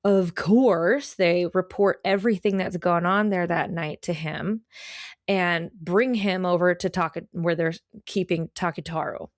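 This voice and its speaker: A woman's voice: lowish voice, fairly even intonation, measured pace, no echo, clean studio sound. A woman co-hosting a podcast, retelling a folktale in a chatty, irreverent way. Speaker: podcast co-host. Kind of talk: casual storytelling.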